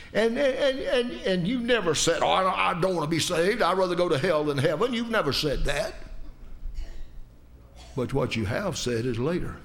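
A pastor from the United States preaching in church, with impassioned appeals that rise loud and high and then drop to hushed, low asides. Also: male voice, creaky. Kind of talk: sermon.

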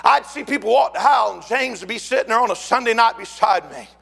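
Fervent male pastor, high gravelly voice, shouts his sermon, husky edge. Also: animated, quick pace, in a large hall. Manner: shouting and fervent, voice breaking with emotion. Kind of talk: impassioned revival sermon. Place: church sanctuary.

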